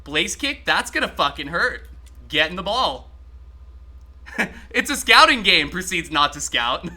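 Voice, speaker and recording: A man streaming a game live, chatting excitably with his viewers and swearing freely as he plays. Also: high-pitched, a little slow. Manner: talks to chat while playing. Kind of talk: casual live-stream gaming commentary.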